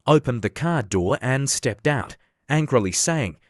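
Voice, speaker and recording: A man narrating an animated story recap in a steady, scripted reading. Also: mid-range voice, unhurried, dry recording, clean studio sound.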